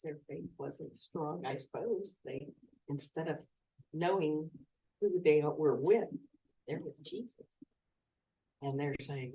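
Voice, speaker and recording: Woman class member, soft mellow voice, chatty commenter. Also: deep voice, slow pace, long pauses, poor audio. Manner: chatty, laughs while commenting. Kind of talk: casual group discussion.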